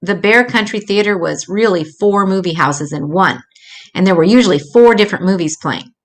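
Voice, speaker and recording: A grandmother reads a children's picture book aloud, gentle and expressive, making small slips along the way. Her voice sits in the mid range and moves at a normal speed.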